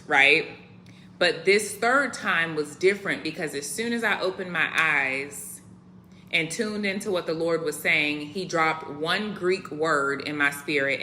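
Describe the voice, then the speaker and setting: A woman's voice: low voice, bright, forceful tone, a little hiss or hum. A woman delivering an earnest prophetic devotional message, often tagging her lines with "right?" and "okay?". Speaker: Christian content creator.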